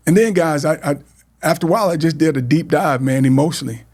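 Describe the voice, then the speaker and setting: A man's voice: fairly high pitch, fast, a little mellow. A middle-aged man hosting a podcast, speaking earnestly about his life in a heartfelt personal talk, often repeating words and starting over. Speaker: podcast host.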